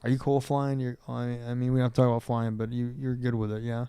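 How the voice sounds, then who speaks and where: A man's voice: medium pitch, completely flat delivery, fairly quick, mellow, a little hiss or hum. A man hosting a podcast, chatting in a laid-back way and dropping "dude" and "yeah" often. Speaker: podcast host. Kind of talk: casual podcast chat.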